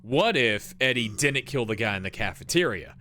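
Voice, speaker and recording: A man's voice: medium pitch, expressive, moderate pace, bright, forceful tone. A young man streaming a game live, rambling through lore commentary with lots of fillers and jokey asides.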